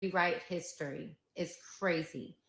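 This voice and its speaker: A woman's voice: on the low side, fairly even intonation, unhurried, a bit bright. A woman telling her own story on camera, candid and emotional, swearing and laughing nervously.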